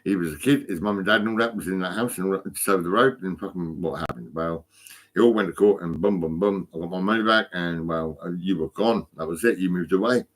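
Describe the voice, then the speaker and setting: A man's voice: deep voice, quick pace. A stoned man rambling and swearing constantly into his phone for a vlog. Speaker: vlogger.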